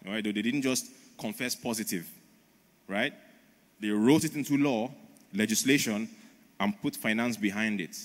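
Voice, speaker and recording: A man delivering a sermon with emphatic, storytelling energy at an ordinary pitch for a man. His voice carries the long reverb of a large church auditorium. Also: moderate pace. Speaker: preacher. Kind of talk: conference sermon.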